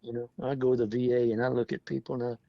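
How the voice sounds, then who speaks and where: A veteran in his seventies talks very fast through his oral history interview, chatty and laughing often as he acts out people's remarks. His medium-pitched voice is gravelly and husky with little pitch movement, and the recording is dull, lo-fi and dry, with no echo.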